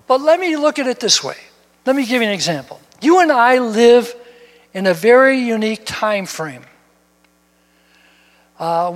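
High-voiced pastor preaching in a hall. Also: male voice. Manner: storytelling, animated, repeats words when excited. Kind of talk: sermon. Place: church sanctuary. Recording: long reverb of a church hall.

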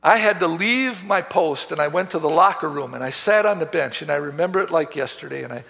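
A man preaching a sermon as pastor, telling a story with passion, swinging between hushed and loud. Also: on the high side, animated, fairly quick, gravelly. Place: church sanctuary. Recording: reverberant church hall.

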